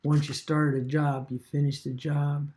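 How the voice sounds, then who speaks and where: A man retelling a story casually as an online business vlogger, halting and rambling with many fillers and restarts. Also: a little high, flat delivery, mellow.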